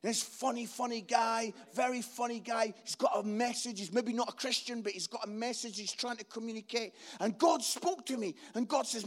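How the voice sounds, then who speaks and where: A man's voice: extremely high pitch, fairly quick, few pauses. A man, a pastor telling a comic story in a sermon.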